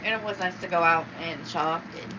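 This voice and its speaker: A woman speaks in a soft, low-key manner, her voice sitting on the low side. The lo-fi recording is dull, and noise is clearly heard behind her. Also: fairly quick. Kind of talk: casual chat.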